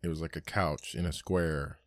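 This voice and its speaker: A man's voice: extremely low pitch, fairly even intonation, normal speed, no echo, studio quality. A young man co-hosting a podcast, chatting casually, swearing freely and telling stories with acted-out quotes. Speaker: podcast co-host. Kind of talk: casual chat.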